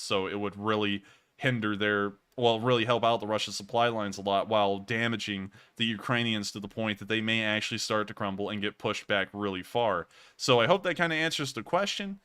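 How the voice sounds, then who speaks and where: Bright, crisp-voiced man hosting a livestream. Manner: deliberately raises pitch for a lively delivery. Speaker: livestream host reading donations. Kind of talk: casual livestream commentary.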